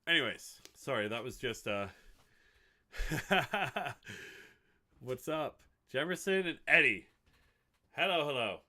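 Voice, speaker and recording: A man's voice: mid-range voice, animated, normal speed, sharp tone. A man chatting casually and rambling while he builds a website on a live stream, swearing now and then. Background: music playing.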